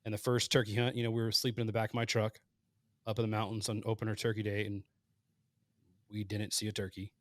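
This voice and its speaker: A man in his late thirties telling hunting stories casually on a podcast, animated and acting out the voices he quotes. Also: lowish voice, quick pace, dry recording. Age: 30s. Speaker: podcast guest, hunter. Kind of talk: casual storytelling.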